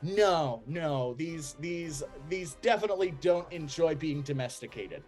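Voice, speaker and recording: A man's voice: a little high, a little slow, soft background music. Laughing male game master narrating. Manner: relaxed, laughs often, many ums.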